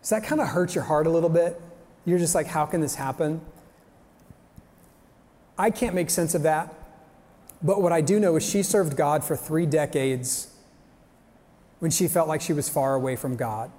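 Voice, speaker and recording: A man giving an energetic, joking motivational talk on faith and work, firing off rhetorical questions to a live audience. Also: fairly high pitch, moderate pace. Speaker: speaker at a young professionals' faith event. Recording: live talk in a reverberant hall.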